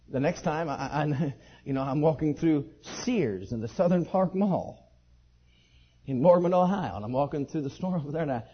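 A man preaching a sermon and telling his own testimony, leaping from high excited outbursts to low quiet asides. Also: slightly rough. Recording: dull lo-fi sermon recording.

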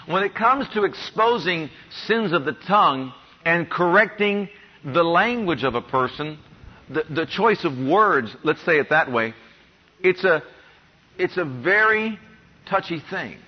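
A man preaching to his congregation in a fairly high voice. He reads scripture slowly and weighs each phrase, and the recording sounds dull and lo-fi. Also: breathy edge. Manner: preacher reading scripture slowly, then telling stories with quoted voices. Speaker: pastor. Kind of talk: sermon. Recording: muffled lo-fi sermon recording.

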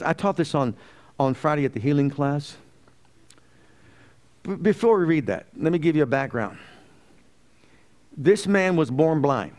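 Animated man preaching a sermon. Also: fairly high pitch. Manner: animated, questioning the congregation, acting out quotes.

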